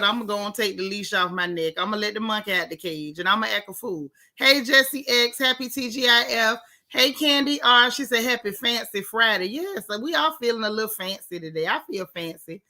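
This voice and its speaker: Bright, high-voiced woman streamer. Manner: animated, greets chat by name. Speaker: livestream host. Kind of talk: casual livestream chat greeting viewers. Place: home in Texas.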